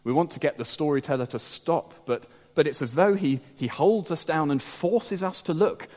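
A man preaching a sermon, dropping to hushed low tones and rising to emphatic peaks. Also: normal speed, few pauses. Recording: long reverb of a large hall.

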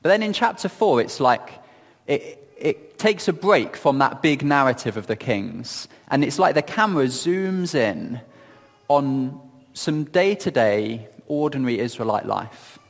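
A man giving reflective Bible teaching in a gentle, earnest storytelling manner, often asking questions of his listeners. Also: mid-range voice, expressive, a little slow, gravelly, big-room sound. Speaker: preacher.

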